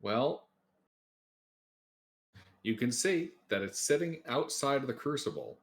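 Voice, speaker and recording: A man's voice: medium pitch, sing-song, slow. Easygoing guy running a tabletop game, medium voice. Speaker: game master.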